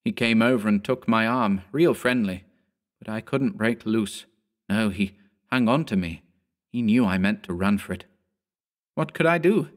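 A man narrating a horror story in a measured storytelling manner. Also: fairly low pitch. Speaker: audiobook narrator.

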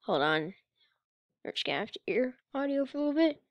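A woman's voice: sits high, big pitch swings, brisk, no room sound, dull audio. A woman doing a teasing, sarcastic reaction commentary on a video as a YouTuber, often laughing.

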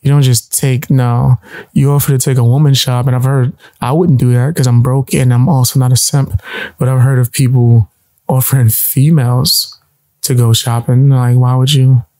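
A man's voice: mid-range voice, level tone, normal speed, dark tone, no echo, studio quality. A man co-hosting a casual chat, laid back and rambling in asides. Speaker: co-host.

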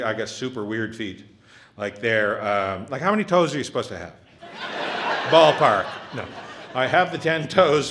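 A comedian in his fifties runs a live audience Q&A on a theatre stage, cracking jokes and teasing himself in front of the crowd. His mid-range voice sounds pushed and bright, with a little hiss or hum in the background.

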